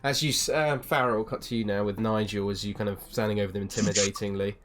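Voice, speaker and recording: A young man running a tabletop game as dungeon master, narrating with frequent hesitant pauses. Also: fairly low pitch. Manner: hesitant, many ums, relaxed.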